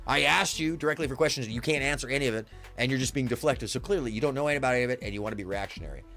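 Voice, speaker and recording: A man's voice: medium pitch, rapid-fire, pushed and bright, soft background music. A man hosting a livestream, ranting at his chat in a profane, sarcastic, indignant way. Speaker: livestream host. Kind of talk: heated livestream rant at chat.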